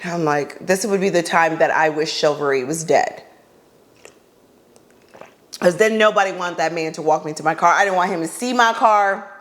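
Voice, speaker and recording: Her voice is on the low side and her pace moderate as this podcast host shares a funny dating story casually. She animatedly plays out her own lines in dialogue, punctuated by blunt, exasperated asides.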